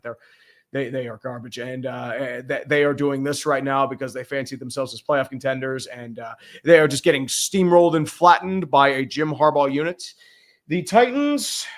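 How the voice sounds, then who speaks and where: A man's voice: medium pitch, moderate pace. A man hosting a casual sports livestream, talking in a blunt, rambling, profanity-heavy way. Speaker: podcast host.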